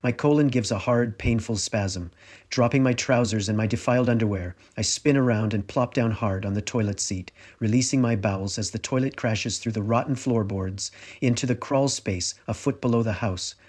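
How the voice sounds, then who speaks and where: Middle-aged male author narrating his memoir, lowish voice, wry confessional read. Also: normal speed, a little mellow. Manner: wry, confessional first-person telling. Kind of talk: audiobook narration.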